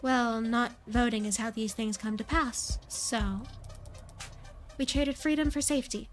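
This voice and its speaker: A woman's voice: a little high, fairly even intonation, a little slow, soft background music. A woman streamer reading a visual novel's dialogue aloud, voicing every character in a near-plain voice and adding brief asides.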